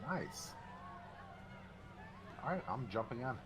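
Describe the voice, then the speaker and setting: A man playing in a tabletop game, speaking quickly and plainly in casual chat. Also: mid-range voice, very animated, noisy background. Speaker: player.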